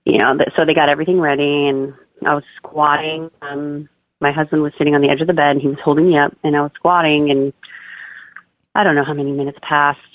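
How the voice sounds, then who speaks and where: Speaking quickly in a level tone, a low-voiced young woman chats as a podcast guest in a casual interview about giving birth. Fillers like "like" and "oh my God" fill her speech, and the dry, tinny line sounds like a phone, with no echo.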